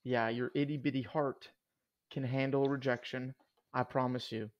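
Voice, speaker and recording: A man's voice: medium pitch, level tone, moderate pace, muffled recording. A young man co-hosting a podcast in casual chat, laid-back and joking, with slangy asides. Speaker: podcast co-host.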